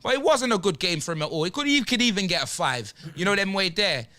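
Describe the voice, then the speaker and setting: A young-sounding man rants through his team's player ratings. His voice sits high and swings widely, bright and sharp. He is slangy and exasperated throughout. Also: expressive, quick pace. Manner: slangy, exasperated, drops tag words like "fam" and "blood". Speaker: football fan giving player ratings. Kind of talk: animated fan rant.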